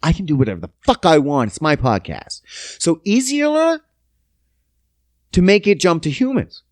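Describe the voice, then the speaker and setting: A man's voice: on the high side, big pitch swings, moderate pace, dry recording, studio quality. A young man from Canada hosting his own podcast, ranting in a profane, sarcastic way. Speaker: podcast host. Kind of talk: casual solo podcast rant.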